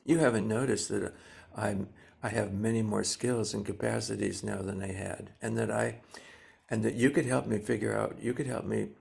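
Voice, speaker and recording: An older man in his seventies gives a dharma talk in a low voice with a heavy gravelly fry. He moves slowly and gently, stopping often to search for words. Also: steady tone. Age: 70s. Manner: slow, gentle, pausing with many fillers. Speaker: Zen teacher.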